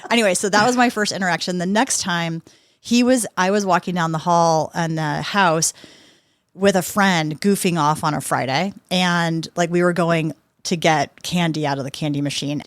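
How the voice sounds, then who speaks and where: A woman in her fifties tells stories as a podcast guest, and she acts out the other people in her anecdotes. Her voice sits a little low, and the sound is dry and close. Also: normal speed, no echo. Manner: lively anecdotes, acting out what people said. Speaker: podcast guest, sports executive. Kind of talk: conversational interview storytelling.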